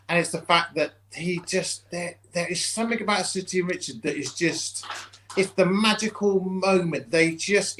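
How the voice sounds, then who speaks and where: A man chatting as a guest about his children, halting and repeating words as he thinks. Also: fairly high pitch, fairly bright tone, poor audio. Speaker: guest, special effects maker. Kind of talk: casual chat.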